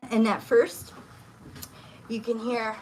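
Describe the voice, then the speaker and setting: A woman's voice: on the high side, drawn-out words, a little hiss or hum. Profane, agitated woman ranting on a livestream. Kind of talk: casual livestream chat. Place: home kitchen. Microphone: phone.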